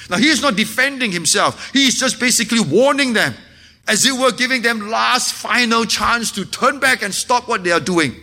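Male pastor, sermon delivery, high bright voice, earnest and impassioned. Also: expressive, normal speed. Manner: impassioned preaching, dropping to hushed earnest tones.

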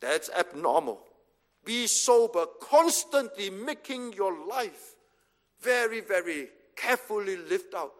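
A man with a high, sing-song voice preaches slowly as pastor, his tone slightly bright. He drives home his points with short repeated commands in a church hall, and the recording is reverberant.

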